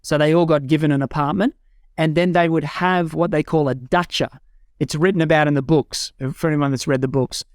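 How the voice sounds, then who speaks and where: A man's voice: on the high side, fairly even intonation, fairly quick, clean tone, no room sound, studio quality. A young adult man talking casually and enthusiastically as a guest, with frequent fillers and restarts. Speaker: guest speaker. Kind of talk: casual talk. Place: home in a rural eco-village.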